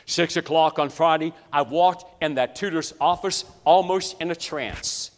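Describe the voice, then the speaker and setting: A man from West Virginia preaching a sermon to his congregation, telling a story dramatically and swinging between hushed and loud. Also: a little high, unhurried. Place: church sanctuary. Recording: long reverb of a large hall.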